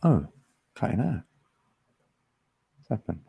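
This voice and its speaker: A man's voice: lowish voice, sing-song, creaky, dark tone, breathy edge. A man from East London with a Cockney accent, chatting casually on a video call and agreeing easily with the others. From England. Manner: easygoing, quick agreeing interjections. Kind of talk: casual chat.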